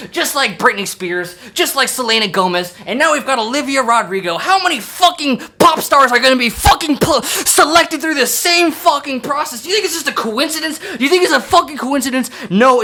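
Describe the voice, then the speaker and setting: Bright-voiced, profane ranting reviewer. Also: medium pitch. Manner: profane, sarcastic ranting with loud outbursts. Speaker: music reviewer. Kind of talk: ranting album review vlog. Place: apartment room.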